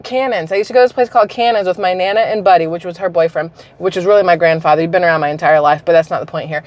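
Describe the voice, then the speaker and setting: A woman's voice: on the low side, racing. Chatty, blunt woman vlogger. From South Carolina, US. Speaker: YouTuber. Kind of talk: casual news commentary vlog.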